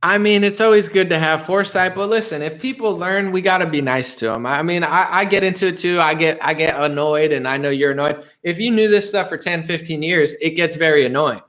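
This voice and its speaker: This streamer talks briskly with barely any pauses, his slightly high voice carrying a bit of brightness. Answering chat on a casual livestream, the young man rambles and laughs, restarts his thoughts, mimics voices, and leans heavily on "dude" and "bro."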